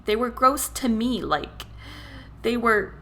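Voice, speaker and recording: A woman's voice: fairly high pitch, lively intonation, slow, pitched above the performer's own voice, exaggerated voice. A woman voicing a tearful, furious young woman. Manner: shaky, tearful, then forceful. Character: upset young woman, sobbing then stern.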